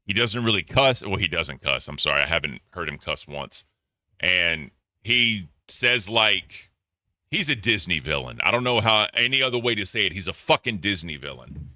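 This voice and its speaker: Blunt, profane low-voiced man. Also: moderate pace, no room sound, clean studio sound. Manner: blunt, profane, animated ranting. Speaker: commentary host. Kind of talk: casual commentary and review.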